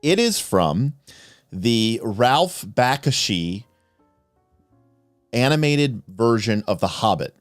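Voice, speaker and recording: Chatty low-voiced male stream host. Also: no echo. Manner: rambling, many fillers and restarts, chuckling. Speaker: livestream host. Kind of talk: casual chat answering viewer questions.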